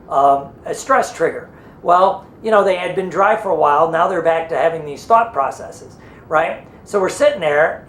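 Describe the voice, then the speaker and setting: A man teaching hypnosis techniques in a loose, rambling way, often slipping into the voices of the people in his story. His voice carries a roomy echo. A faint low rumble sits underneath the recording. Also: a bit bright. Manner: rambling, acts out what people said. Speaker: hypnosis and NLP trainer. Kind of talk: conversational teaching through a story.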